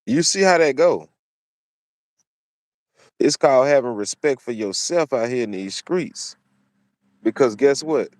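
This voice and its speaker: A man's voice: mid-range voice, expressive, measured pace, pauses often, no room sound, clean studio sound. A man giving opinionated solo commentary, repeating his points over and over in a preachy way. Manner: repeats phrases for emphasis, preachy. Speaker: commentary channel host.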